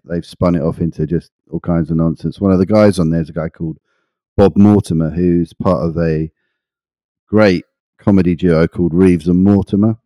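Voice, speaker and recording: A man's voice: low voice, dark tone, no room sound. A man co-hosting a podcast, chatting casually and enthusiastically with lots of fillers and restarts. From England. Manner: rambling, enthusiastic, many fillers. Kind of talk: casual chat.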